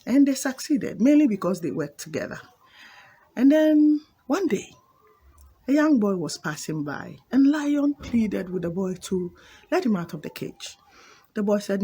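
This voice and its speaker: A woman's voice: mid-range voice, expressive, measured pace, warm tone, slightly rough. A woman telling a folk fable with voiced animals, then directly addressing listeners with its moral. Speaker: storyteller and adviser.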